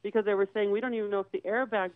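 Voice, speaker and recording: A woman's voice: medium pitch, fairly even intonation, racing, clean tone, no room sound, narrow, tinny audio. A woman guest on a talk show, telling a personal story and retelling conversations in quoted dialogue.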